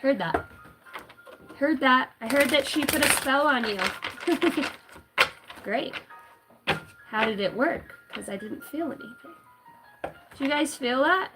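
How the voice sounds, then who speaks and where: A woman's voice: high-pitched, unhurried, pauses often, over music, rough recording. Chatty, foul-mouthed woman tarot reader. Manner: rambling, swears freely, lively storytelling. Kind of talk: casual livestream chat.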